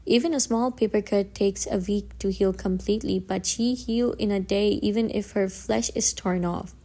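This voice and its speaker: A woman's voice: mid-range voice, fairly even intonation, moderate pace, warm tone. A woman narrating a comic story recap in a casual, dramatic way, with emphatic stresses and frequent restarts.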